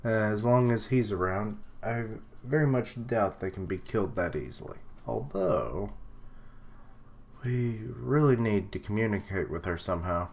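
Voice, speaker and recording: A young man reads manga panels aloud at an unhurried pace and comments on them as he goes. His voice sits fairly low, and he drops in fillers and short laughs between lines in a loose, casual live reaction. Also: expressive, vocal fry.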